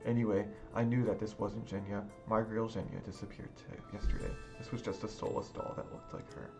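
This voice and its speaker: Man reading a visual novel aloud, subdued and brooding, low voice, game music playing under him. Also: steady tone, fairly quick, gravelly. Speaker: game let's-player.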